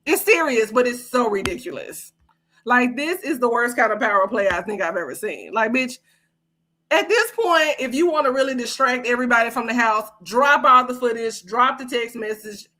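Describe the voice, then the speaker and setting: A woman's voice: fairly high pitch, lively intonation, moderate pace, sharp tone. Sassy, profane woman podcast host. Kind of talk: casual livestream commentary.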